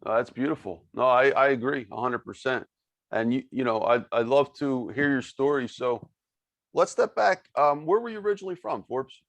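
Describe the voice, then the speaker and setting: A man from South Philadelphia hosting a video call podcast interview, friendly and halting, often repeating his words. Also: medium pitch, a bit bright, no echo. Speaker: podcast host. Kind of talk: casual interview.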